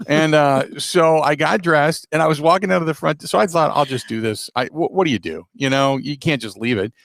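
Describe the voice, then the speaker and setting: A middle-aged man, a radio host, telling a story in a casual, animated, self-deprecating way with a gravelly voice. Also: fairly high pitch, a little fast, no room sound.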